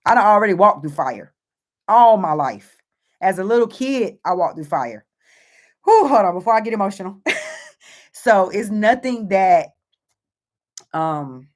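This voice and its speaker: Woman hosting an uplifting faith talk, slightly low voice, earnest, says things twice, lots of um and you know. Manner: earnest, emphatic, repeats phrases, many fillers. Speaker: host and author. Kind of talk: motivational faith talk to viewers.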